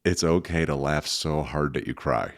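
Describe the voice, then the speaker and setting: A man's voice: rumbling low, normal speed, creaky. A middle-aged man co-hosting a podcast, telling a funny family story in casual chat, laughing often as he talks. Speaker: podcast co-host.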